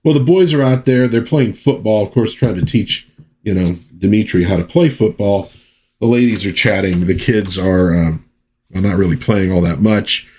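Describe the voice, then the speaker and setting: A man's voice: lowish voice, normal speed, a little mellow. A man hosting a casual comic book review vlog, chatty and easygoing. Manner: chatty with frequent fillers and restarts.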